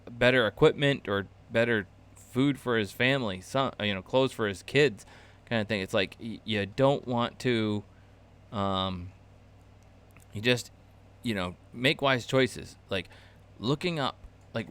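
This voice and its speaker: A man hosts a casual live-stream class for video creators, rambling loosely with many fillers and restarts and chuckling at his own asides. His voice is smooth, on the low side, and a bit bright.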